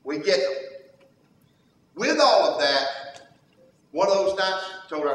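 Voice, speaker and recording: A man's voice: sits high, lively intonation, unhurried, long pauses, fairly bright tone, slight background noise. A man preaching a sermon in a folksy, humorous storytelling manner. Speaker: pastor. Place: church sanctuary. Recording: echoey church hall from far off.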